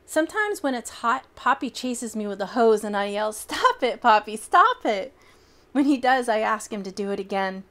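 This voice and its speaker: A woman reading a children's picture book aloud in an expressive, childlike storytelling manner. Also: fairly high pitch, brisk, hardly any pauses.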